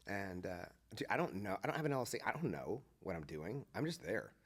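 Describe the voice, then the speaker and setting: Low-voiced man telling an animated story. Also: fairly quick, husky. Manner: animated, acts out quoted dialogue. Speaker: podcast guest, former pastor. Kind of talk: casual storytelling conversation.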